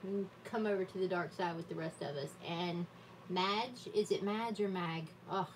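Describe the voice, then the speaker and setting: A woman's voice: fairly low pitch, steady tone, a little fast, a little mellow, recorded from a distance, a little hiss or hum, poor audio. A woman hosting a live stream from her home desk, chatting casually and laughing often at herself. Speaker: livestream host. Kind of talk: casual chat while journaling.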